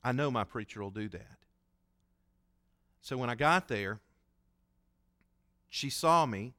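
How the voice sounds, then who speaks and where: A man's voice: mid-range voice, lively intonation, takes it slowly, bright, forceful tone. A man preaching as a pastor, telling a story in a folksy, conversational way and acting out the voices he quotes. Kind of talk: sermon storytelling.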